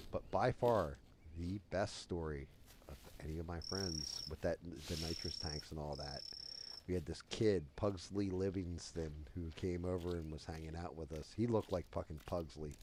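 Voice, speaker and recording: A man telling a crude story on his live stream in a rambling, animated way. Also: low voice, a little hiss or hum.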